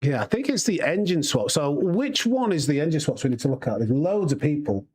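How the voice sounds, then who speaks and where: A Yorkshire-accented sim racing streamer chats casually with his live chat while he plays, rambling and laughing easily. His voice is a little high and a little mellow, with big pitch swings and a brisk delivery.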